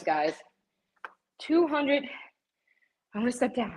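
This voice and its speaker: A woman's voice: sits high, animated, unhurried, long pauses, a bit bright, poor audio. Breathless woman streaming from her home gym. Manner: chatty, talks straight to viewers as "guys". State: out of breath from cardio. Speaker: livestream host showing fitness products. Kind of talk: live shopping stream chat.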